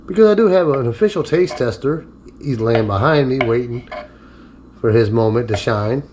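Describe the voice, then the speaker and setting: In his home kitchen, a cooking vlogger with an ordinary mid-range voice chats loosely through a casual cooking demo at a normal speed, sounding animated. He pauses now and then to speak to his dog, and a faint hiss runs beneath his voice.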